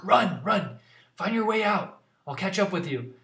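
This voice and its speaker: A man voicing a weary, cautious disgraced knight who gives tense, hushed warnings. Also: fairly high pitch, expressive, moderate pace, voice pushed up. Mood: urgent. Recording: roomy echo.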